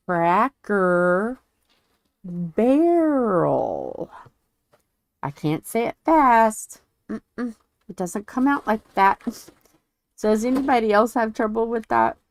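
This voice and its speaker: A woman's voice: medium pitch, no room sound. A woman with a stuffy head cold chatting casually with viewers while she works on a craft, rambling and tripping over some words. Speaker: diamond painting channel host.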